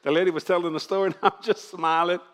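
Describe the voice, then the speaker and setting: A man's voice: high voice, fairly even intonation, fast. An older man preaching to a congregation, joking and laughing as he goes. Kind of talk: church sermon.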